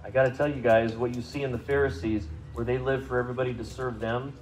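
A man's voice: little pitch movement, quick pace, a little hiss or hum, poor audio. Conversational male pastor preaching a sermon. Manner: conversational, asks the congregation questions, rises in pitch and volume for emphasis. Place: church service.

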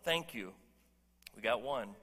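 A man's voice: mid-range voice, animated, slow pace, pushed and bright, in a large hall. A man preaching a sermon as pastor, emphatic and conversational, joking with his congregation. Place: church hall.

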